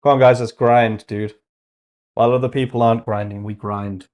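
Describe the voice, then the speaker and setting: A young man chatting casually on a livestream while he codes. He swears freely, thinks out loud, and reads code notes aloud in a flat murmur. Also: mid-range voice, moderate pace.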